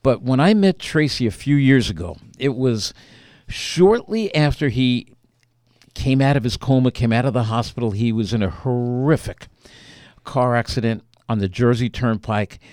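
A man telling a personal story as an author being interviewed, animated and acting out the lines he quotes. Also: mid-range voice, moderate pace, dry recording, clean studio sound.

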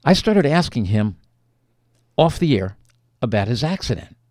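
A man tells a story in an animated way, his voice swinging widely up and down in pitch. He often repeats words as he restarts a thought. The sound is close and dry, with no room echo. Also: a little slow. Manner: animated storyteller who acts out quotes. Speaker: author and interview guest. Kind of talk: emotional personal storytelling.

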